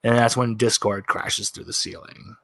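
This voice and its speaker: A man narrating a tabletop role-playing session as game master, telling the story slowly and dramatically and voicing the characters' lines. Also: mid-range voice, little pitch movement, bright, forceful tone. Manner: slow, dramatic storytelling with voiced quotes.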